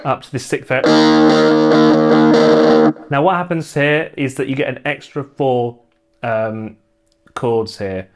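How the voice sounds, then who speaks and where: A man teaching a guitar lesson, calmly talking through strumming patterns and chord shapes, stopping between explanations to demonstrate. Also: mid-range voice. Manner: relaxed, explaining step by step with pauses to play. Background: loud guitar playing between phrases.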